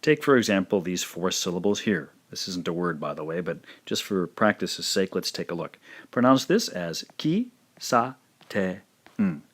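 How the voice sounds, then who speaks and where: A man with a fairly low voice teaches a language lesson, speaking in a measured, careful way. He demonstrates sounds by repeating each word several times. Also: animated. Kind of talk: scripted lesson narration.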